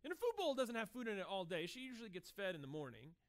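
A man in his thirties preaching a sermon in a conversational, animated way, acting out short dialogues as he goes. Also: sits high, fast talker. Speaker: pastor.

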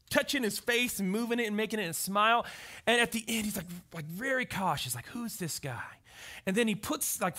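Lively, bright-voiced male preacher. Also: sits high. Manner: animated storytelling, often asks the crowd "right?". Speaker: pastor. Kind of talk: conversational sermon.

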